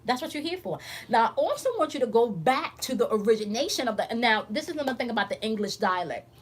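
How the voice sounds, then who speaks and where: On the high side and husky, a woman's voice comes across fast and animated as she hosts a casual spiritual teaching stream. The channel host swears a lot, speaks bluntly and emphatically, and constantly checks in with her viewers.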